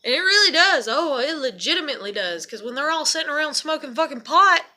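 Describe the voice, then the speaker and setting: A woman's voice: high voice, lively intonation, fast, bright, forceful tone. A woman, venting to camera in a profane, repetitive rant. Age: adult parent. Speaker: vlogger. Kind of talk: emotional venting monologue.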